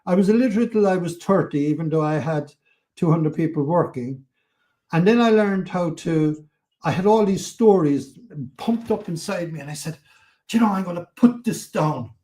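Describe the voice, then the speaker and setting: Animated older Irish storyteller, man. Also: on the high side, normal speed. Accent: Irish, Cork. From Ireland. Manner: animated, acts out quotes, swears freely. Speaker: podcast guest. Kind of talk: storytelling interview.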